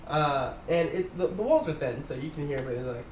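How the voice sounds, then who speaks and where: A man's voice: fairly high pitch, lively intonation, a little fast, few pauses, a little mellow, roomy sound, slight background noise. Rambling man narrating as game master. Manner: loose and rambling, many fillers.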